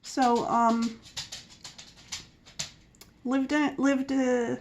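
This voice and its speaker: A woman's voice: high-pitched, flat delivery, drawn-out words, a little hiss or hum. A middle-aged woman from the Philadelphia area, with a mixed Philadelphia and Southern US accent, chatting in a rambling way in her vlog and laughing at herself. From Philadelphia area, USA. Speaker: vlogger. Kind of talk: casual chat.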